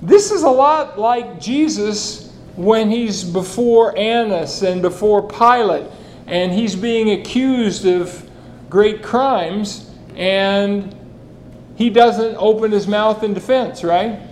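A man preaching an expository sermon, reading scripture and asking the listeners rhetorical questions in a lively, animated way. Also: high voice, takes it slowly, a little hiss or hum, low-quality recording. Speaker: pastor.

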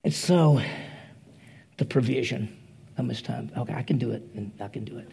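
A man's voice: mid-range voice, normal speed, vocal fry, dark tone, slight background noise. A man preaching a conversational sermon, acting out the quoted voices as he retells a story.

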